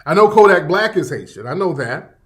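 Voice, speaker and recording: Very animated and brisk, a livestream commentator with a strikingly high voice for a man and a fairly bright tone delivers a casual rant. Profane and emphatic, he keeps pounding away at the same points.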